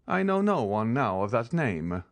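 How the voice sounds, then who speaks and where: A man reading an audiobook, voicing a calm, commanding count with bitter irony. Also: medium pitch, measured pace, no echo. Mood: cold. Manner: calm, icy, ironic. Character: cold, commanding male count, bitterly ironic. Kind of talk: audiobook character voice.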